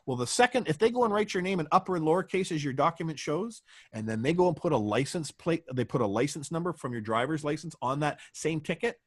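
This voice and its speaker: A man's voice: a little high, expressive, fast. A man, a guest in a conversational interview, telling stories emphatically and asking rhetorical questions.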